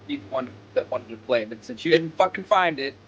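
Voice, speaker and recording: A man's voice: medium pitch, lively intonation, a bit bright, breathy edge, dull audio. A man chatting casually during a game stream, joking and bantering with friends. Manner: joking, bantering, quick to laugh. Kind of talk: casual chat while gaming.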